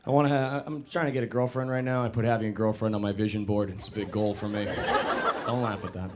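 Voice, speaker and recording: A man's voice: fairly low pitch, fairly even intonation, quick pace, heavy background noise. A young man doing a stand-up comedy set on a club stage into a handheld mic, casual and self-deprecating, working the crowd.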